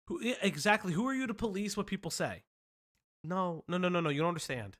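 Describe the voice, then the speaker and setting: A man's voice: high-pitched, sing-song, brisk, pushed and bright. A man hosting a livestream commentary show, casual and profane, drifting into tangents. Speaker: stream host.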